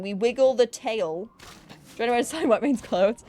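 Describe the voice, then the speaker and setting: A woman's voice: fairly high pitch, moderate pace, mellow. A young woman chatting casually on a live gaming stream, bubbly and self-mocking.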